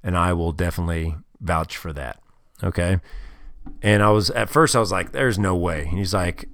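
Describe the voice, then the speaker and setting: Tired, deep-voiced man rambling on a podcast. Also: normal speed, fairly bright tone, no room sound. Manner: rambling, frank, self-deprecating, with crude words. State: tired, yawning. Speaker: podcast host. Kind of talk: casual solo podcast storytelling.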